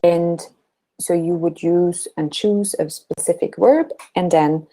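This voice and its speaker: Woman, teacher, patient, low voice, slow. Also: fairly even intonation, warm tone, poor audio. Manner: patient, explains slowly, models German sentences. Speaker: German teacher. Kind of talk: online language lesson.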